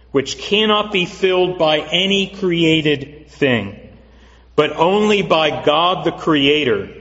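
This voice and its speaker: A man preaches in a slow, deliberate sermon, leaning on repetition to drive each point home. His voice sits fairly high for a man. The dull, lo-fi recording rings with a long hall reverb. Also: fairly bright tone. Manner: measured, earnest preaching with repetition for emphasis. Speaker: pastor.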